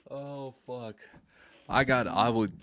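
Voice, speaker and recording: A man's voice: mid-range voice, fairly bright tone, a little hiss or hum. A man who is a panel guest on a casual live-stream chat, laughing often and swearing freely.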